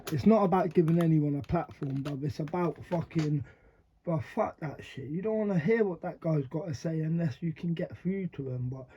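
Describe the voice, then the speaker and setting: A man talks through a reaction in a slangy, blunt way, swearing freely. His voice is fairly high for a man but husky and mellow. The sound is dull and lo-fi. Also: normal speed. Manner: blunt, slangy, swears often, laughs between remarks. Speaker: reaction video host. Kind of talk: casual reaction commentary.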